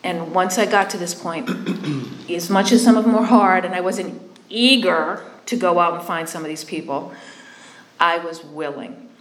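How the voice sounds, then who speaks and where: A woman's voice: fairly low pitch, unhurried, a bit bright. A woman telling her recovery story in a conversational way, candid and self-deprecating, often checking in with her listeners. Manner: conversational, keeps checking in with "right?". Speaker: speaker sharing a recovery story. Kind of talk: personal testimony talk. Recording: echoey room.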